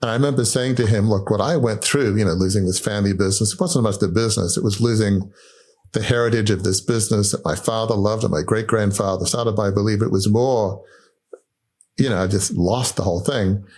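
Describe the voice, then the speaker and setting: A man's voice: on the low side, a little fast, slightly rough. A man hosting a podcast, asking questions and telling a personal story in a reflective way. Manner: reflective and warm-hearted storytelling. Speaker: podcast host. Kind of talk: interview conversation.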